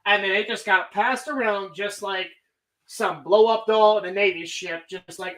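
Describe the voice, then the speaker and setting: A woman's voice: mid-range voice, unhurried, fairly bright tone. A woman hosting a live stream, talking casually in a rambling, profane way. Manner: rambling, heavy swearing. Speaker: streamer host.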